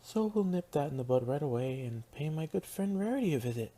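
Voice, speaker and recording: A man voicing a bookish young unicorn princess who speaks in a brisk, matter-of-fact way. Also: on the high side, lively intonation, mellow, voice pushed up.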